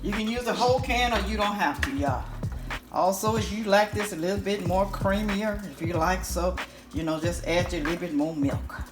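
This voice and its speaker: A woman talks viewers through a recipe in a casual, animated way, throwing in playful exclamations. Her voice has a medium pitch and sounds roomy in the kitchen. Loud background music plays under her talk. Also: moderate pace. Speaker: home cooking channel host. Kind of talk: casual cooking demonstration. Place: home kitchen, stove sizzling.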